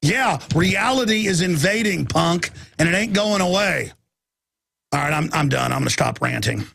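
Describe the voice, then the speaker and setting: A man in his forties hosting a radio talk show, telling a rambling story and breaking into high mocking squeals when he imitates people. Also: animated, moderate pace, gravelly, a bit bright, husky.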